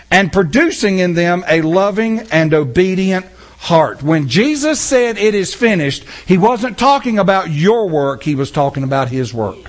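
A man preaching a sermon in church, acting out scenes with a volunteer from the congregation. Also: high-pitched. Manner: animated, acts out scenes with a volunteer. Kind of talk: sermon with audience interaction.

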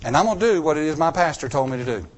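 Animated high-voiced male preacher. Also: very fast. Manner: animated, acts out quotes in shifting voices. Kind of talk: sermon with storytelling.

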